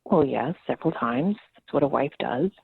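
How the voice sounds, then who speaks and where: A woman imitating her snobby, proud older mother, lowering her voice toward a deep smoker's rasp. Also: lively intonation, moderate pace, dry recording, phone-quality sound, heavily acted. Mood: defensive. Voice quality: deep, smoky. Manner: haughty, dismissive.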